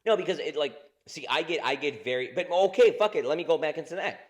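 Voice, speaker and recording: A man's voice: fairly high pitch, fast. A man in his thirties co-hosting a podcast in casual chat, rambling, swearing a lot and laughing often. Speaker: podcast co-host.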